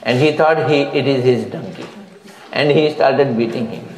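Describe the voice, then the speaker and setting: A man giving a devotional sermon in a house, telling a fable in an animated way and often laughing. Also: medium pitch, moderate pace. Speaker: spiritual speaker. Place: room in a private house. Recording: roomy echo, faint background hum.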